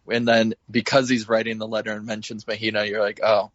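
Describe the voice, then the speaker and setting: A man's voice: lowish voice, monotone, fast, fairly bright tone, no room sound. A man co-hosting a podcast, describing film moments in an easygoing way. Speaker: podcast co-host. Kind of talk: casual film discussion. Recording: dull lo-fi dry sound.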